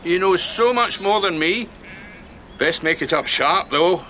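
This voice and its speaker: An actor with a Scottish accent playing a dry, sardonic Highland shepherd. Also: male voice, animated, unhurried, sharp tone, slight background noise, heavily acted.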